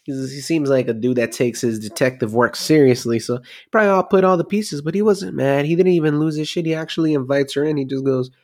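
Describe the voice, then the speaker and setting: A man's voice: a little high, a little fast, few pauses, a little mellow. A man casually recapping a film plot, rambling and swearing freely as he goes.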